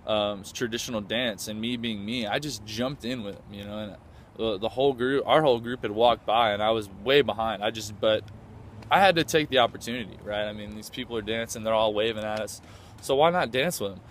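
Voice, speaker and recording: Speaking briskly in a lowish voice, a man from the United States excitedly describes a trip in a rambling, casual way, with many fillers and restarts. A little hiss or hum runs through the recording.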